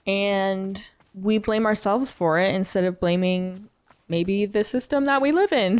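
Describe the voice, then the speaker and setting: A woman's voice: mid-range voice, dry recording. A young woman gaming streamer giving casual, earnest commentary, rambling and openly emotional.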